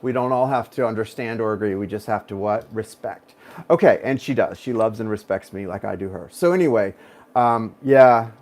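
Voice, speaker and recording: A man's voice: lowish voice, normal speed, darkish tone. Chatty man in his thirties rambling. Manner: rambling, digressive, talks straight to viewers. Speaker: tarot reader. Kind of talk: casual chatty reading to viewers.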